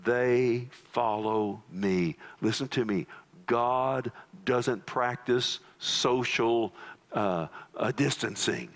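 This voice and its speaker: A pastor preaching a sermon, dramatic, dropping into low hushed tones for emphasis and calling the listeners "loved one". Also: male voice, animated, extremely slow.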